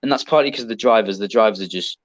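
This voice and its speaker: A man's voice: on the low side, very fast, no echo, lo-fi sound. A man with an English accent, a podcast guest, chatting casually and rambling with lots of ums and restarts. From Britain. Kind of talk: casual chat.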